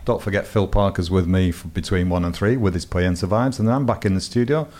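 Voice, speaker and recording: A man's voice: sits low, quick pace, a little mellow. Jokey male radio presenter. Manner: jokey, teasing, laughs often. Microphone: studio microphone.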